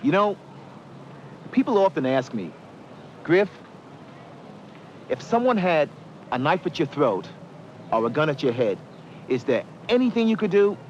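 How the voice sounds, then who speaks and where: A man speaking calmly to camera, giving measured, earnest advice on staying safe during a robbery. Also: fairly high pitch, some chatter behind. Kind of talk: direct-to-camera educational talk. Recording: dull lo-fi 1970s film sound, faint street noise.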